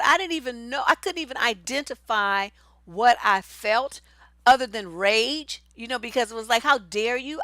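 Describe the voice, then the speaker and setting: A middle-aged woman, a relationship coach telling a personal story and giving advice in a blunt, profane, animated way. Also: on the high side, no echo.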